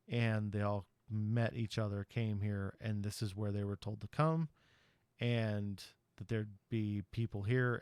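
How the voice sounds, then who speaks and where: Low-voiced man recapping a movie. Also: darkish tone, no echo. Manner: rambling, chatty retelling with frequent ums and you-knows. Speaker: podcast host.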